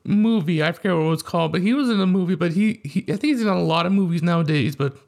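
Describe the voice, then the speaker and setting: A man's voice: high voice, quick pace, gravelly, darkish tone. A man co-hosting a podcast, chatting casually and hesitantly about movies. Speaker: podcast co-host. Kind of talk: casual chat.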